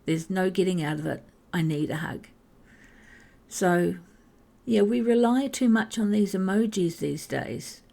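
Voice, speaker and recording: A woman hosting her own podcast, talking candidly and haltingly about her life, with frequent restarts, becoming emotional near tears. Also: mid-range voice, gravelly, dark tone. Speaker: podcast host. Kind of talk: personal podcast monologue.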